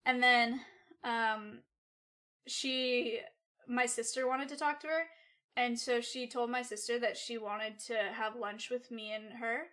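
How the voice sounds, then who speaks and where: Bright-voiced young woman streamer. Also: fairly high pitch, steady tone, takes it slowly. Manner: rambling, loose and swearing, full of "like". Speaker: livestreamer. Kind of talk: casual livestream chat.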